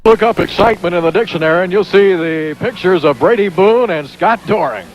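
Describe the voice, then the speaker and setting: A man announcing a pro wrestling match with excited, exclaiming play-by-play commentary. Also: high voice, a little fast, muffled recording. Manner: excitable, exclaiming, hype-driven. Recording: noisy 1980s TV broadcast.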